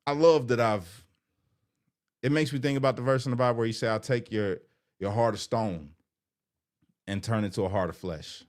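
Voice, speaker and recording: A man's voice: on the low side, moderate pace, pauses often. A middle-aged man, a vlogger, talking in an earnest, emotional, rambling way to his viewers, often saying "you know". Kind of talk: heartfelt casual talk to viewers.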